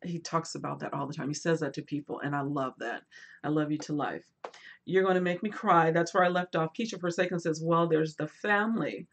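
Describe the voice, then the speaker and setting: A woman hosting a casual book livestream, chatting animatedly and reading viewer comments aloud, swinging between lively bursts and quiet asides. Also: fairly low pitch, gravelly. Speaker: booktube host.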